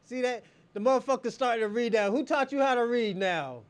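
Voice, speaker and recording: High-voiced man taunting his livestream viewers. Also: brisk, clean tone. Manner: mocking and taunting, laughs often, heavy profanity. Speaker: livestream host. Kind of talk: casual livestream banter with viewers.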